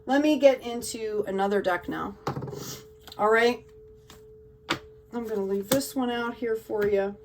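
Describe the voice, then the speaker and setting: A woman's voice: a little high, a little slow, long pauses. Woman, tarot reader, emotional, gushing, distant mic, faint background noise. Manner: emotional, gushing, frequent "okay?" check-ins. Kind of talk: tarot card reading to viewers.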